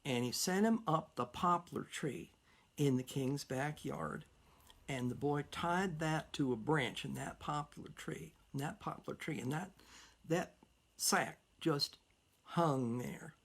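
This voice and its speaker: Slow, creaky-voiced woman storyteller. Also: low-pitched. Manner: repetitive, drawling rhythmic telling. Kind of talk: folktale storytelling.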